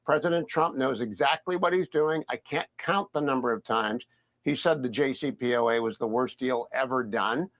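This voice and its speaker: A man delivers assertive political commentary in a news-broadcast clip. His voice sits at an ordinary male pitch and he speaks with steady confidence. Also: normal speed. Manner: firm, assertive.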